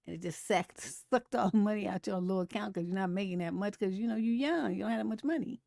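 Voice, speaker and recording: A woman's voice: mid-range voice, fast talker, creaky, warm tone, dry recording, clean studio sound. A middle-aged woman, a relationship coach, hosting a casual live stream, telling stories bluntly with a lot of profanity and laughter. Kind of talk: casual livestream commentary.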